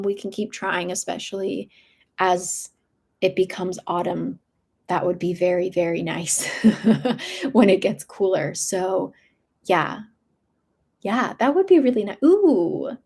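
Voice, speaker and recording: A woman's voice: medium pitch, darkish tone. A young woman hosting a book channel livestream from her room, chatting casually and meandering with lots of fillers.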